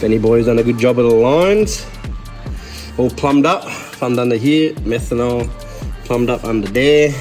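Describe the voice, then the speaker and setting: Excited man in a garage vlog. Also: medium pitch. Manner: excited, joking, rattles off parts in quick bursts. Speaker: car builder and channel host. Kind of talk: casual workshop vlog. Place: home garage workshop. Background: music.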